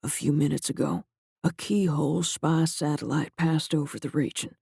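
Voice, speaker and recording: A male narrator voicing a shaken agency director who speaks in a quiet, halting, grave way. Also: fairly high pitch, fairly even intonation, gravelly, husky, no room sound, studio quality, heavily acted. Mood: grim.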